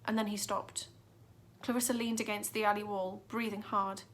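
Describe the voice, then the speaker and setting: A woman's voice: mid-range voice, little pitch movement, normal speed, a bit bright. A woman reading a children's adventure book aloud with dramatic expression. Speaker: narrator. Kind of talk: storybook reading.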